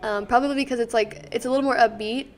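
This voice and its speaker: A woman's voice: fairly high pitch, fairly even intonation, quick pace. A young woman co-hosting a music podcast in casual, rambling chat with many fillers, recorded on a desk mic in a small dorm-basement studio. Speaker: podcast co-host. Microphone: desk microphone.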